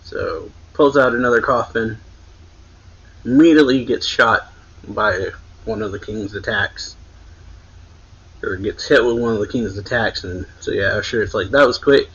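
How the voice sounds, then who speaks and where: A man's voice: fairly low pitch, unhurried, long pauses, a bit bright, breathy edge, lo-fi sound. A man casually recapping a manga chapter, narrating the scenes and reading characters' lines aloud in a slightly raised voice. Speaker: manga reviewer.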